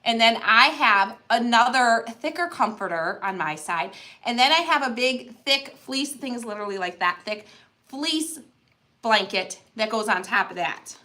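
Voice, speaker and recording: Brief: middle-aged woman, crafting host, bright tone, slightly high, chatty storyteller. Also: animated, normal speed. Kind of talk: casual chat while crafting.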